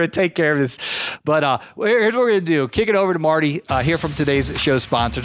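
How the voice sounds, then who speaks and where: A man's voice: a little high, expressive, a little fast, a bit bright, soft background music. Rambling man telling a story. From Ohio. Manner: rambling, many restarts and fillers. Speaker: podcast host, lawn care business owner. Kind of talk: casual storytelling.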